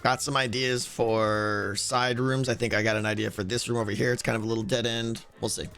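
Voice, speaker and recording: A man streaming a game, chatting casually with viewers and thinking aloud, with a hoarse voice and many restarts. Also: medium pitch, level tone, brisk, a bit bright, soft background music. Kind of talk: casual livestream chat answering viewers.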